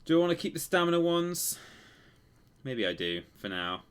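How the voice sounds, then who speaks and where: A man's voice: on the high side, big pitch swings, moderate pace, clean tone. A man casually commenting while he plays a game on a live stream, rambling and correcting himself as he tells stories. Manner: rambling, self-correcting storyteller.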